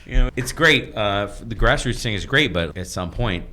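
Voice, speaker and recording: A man's voice: lowish voice, animated, normal speed, sharp tone, a little hiss or hum. A man co-hosting a podcast in casual chat, rambling and chatty, laughing often. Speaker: podcast co-host.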